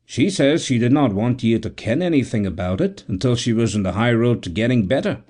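A man voicing a rough, good-natured doctor in a storybook reading. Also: medium pitch, expressive, brisk, a little mellow, lightly acted. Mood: gruff kindly. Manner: rough and kindly. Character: gruff good-natured Scottish town doctor.

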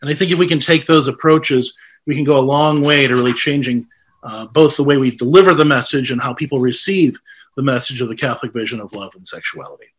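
A man's voice: mid-range voice, fast talker. Earnest man giving a Catholic talk. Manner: earnest, conversational, many restarts. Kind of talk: informal lecture with Q&A.

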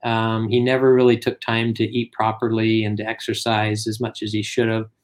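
Speaking at a moderate clip in a fairly low voice, a middle-aged guest spins lively family tales in casual chat. He voices the quoted lines as if playing each person.

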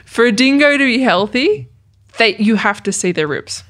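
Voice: mid-range voice, lively intonation, moderate pace, a bit bright. A podcast co-host, reading notes aloud and joking, with frequent swearing. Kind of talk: casual chat reading facts.

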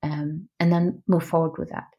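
A woman with a somewhat low voice talks as a podcast guest. She explains in a loose, thinking-aloud way, correcting herself as she goes and checking in with "right?" at the end of her points. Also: little pitch movement, normal speed, mellow. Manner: thinks aloud with fillers, frequent tag "right?"; restarts and self-corrections. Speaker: podcast guest, product expert. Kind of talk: conversational explanation.

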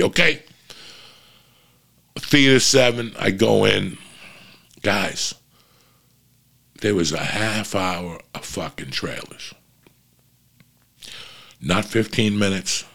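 A man's voice: lowish voice, lively intonation, slow, gravelly, long pauses, fairly bright tone. A man telling a story in an exasperated, profane rant, swearing constantly and acting out what he and others said. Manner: storytelling with quoted asides. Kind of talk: profane ranting monologue.

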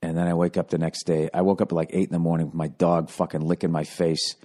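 A man with a fairly low voice talks through a long, rambling story on his own podcast. He swears freely and keeps breaking off to do high, mocking impressions of the people in his story. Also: level tone, fast talker, warm tone. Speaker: podcast host. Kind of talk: casual storytelling monologue.

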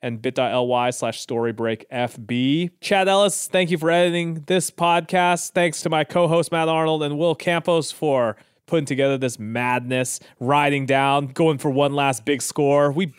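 A man's voice: fairly high pitch, moderate pace, few pauses, smooth, no echo, clean studio sound. A man co-hosting a comedy podcast, reading the outro and a plug in a jokey, emphatic way. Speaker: podcast co-host.

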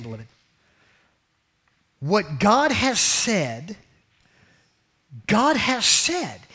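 A man's voice: high-pitched, bright, forceful tone. A man preaching a sermon as pastor, repeating his points and calling his listeners family and beloved. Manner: repeats phrases, calls listeners family and beloved, acts out jokey quotes.

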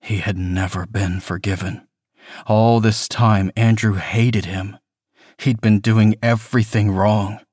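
A man reading a horror story as scripted narration, measured and even. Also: lowish voice, no echo, studio quality. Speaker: reader.

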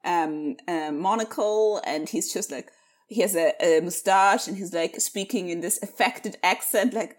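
A woman on a podcast, chatting casually about a film and recounting it in a lively, laughing way. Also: on the low side, moderate pace. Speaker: podcast guest discussing films.

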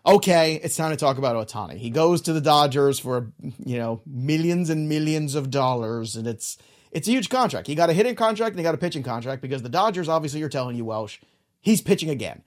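A man's voice: a little high, animated, brisk. A man co-hosting a podcast, chatting casually and emphatically, leaning on filler phrases as he makes his points. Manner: emphatic, leans on "look" and "you know". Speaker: podcast co-host. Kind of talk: casual sports chat.

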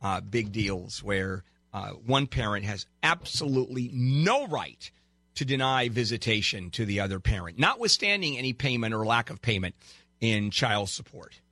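A man's voice: lowish voice, animated, moderate pace, bright, forceful tone, no echo. A man hosting a call-in legal advice radio show, brash and teasing, giving callers blunt advice with wisecracks.

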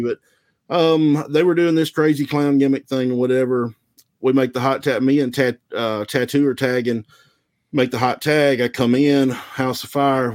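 A man from the American South, a former wrestler, telling stories in a relaxed, rambling, self-deprecating way. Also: mid-range voice, no echo. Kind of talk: casual storytelling.

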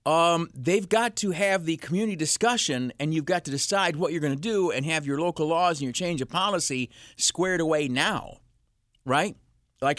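A sarcastic talk radio host holding forth on his own in a dry studio. His voice is bright and cutting, sitting a little high for a man, and he rambles from one gripe to the next. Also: no room sound. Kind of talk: solo talk radio monologue.

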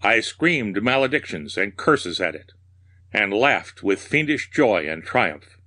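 Slow, bright-toned male horror storyteller. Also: lowish voice, sing-song. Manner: measured, darkly theatrical narration. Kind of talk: dramatic reading of a horror tale.

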